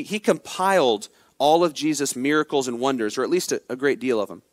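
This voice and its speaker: Male pastor, expository preaching, emphatic then hushed, dry close sound. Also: mid-range voice, no room sound. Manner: emphatic preaching, swings from loud exhortation to quiet intensity. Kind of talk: expository sermon.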